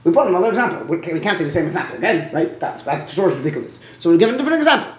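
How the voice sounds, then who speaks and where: Fast-talking, halting man teaching Talmud. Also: fairly high pitch, big pitch swings, reverberant, slight background noise. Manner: halting, repeats words, asks "right?" often. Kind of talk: Talmud study lesson.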